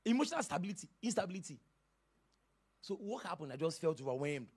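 Animated high-voiced male preacher. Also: fast, breathy edge. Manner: emphatic, dramatic preaching with sudden outbursts. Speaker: pastor. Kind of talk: sermon.

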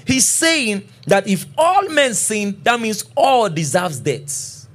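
Animated pastor preaching, high voice. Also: male voice. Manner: preaching with frequent call-and-response checks; reads scripture slowly and deliberately. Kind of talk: sermon.

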